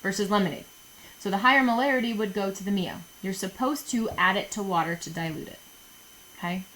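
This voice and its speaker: A woman's voice: mid-range voice, a little fast, fairly bright tone, low-quality recording. A woman chemistry teacher recording a lesson for her students, chatty and jokey, often checking in with "okay?".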